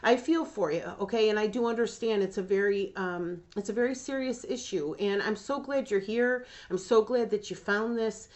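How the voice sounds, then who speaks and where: A woman's voice: medium pitch, moderate pace, few pauses, darkish tone, lo-fi sound. A woman hosting a dog training channel, talking earnestly and emotionally to camera and getting choked up about the dogs. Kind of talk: emotional direct-to-camera talk.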